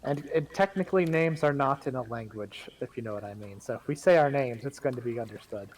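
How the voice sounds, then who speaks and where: A man's voice: medium pitch, brisk, slight background noise. A man playing in a tabletop game, playful and joking as he chats. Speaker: player. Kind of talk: casual tabletop play.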